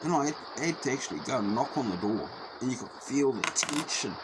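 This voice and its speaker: A man's voice: medium pitch, animated, fairly quick, noisy background. A middle-aged man with a New Zealand accent telling a personal story casually, swearing freely and repeating himself as he goes.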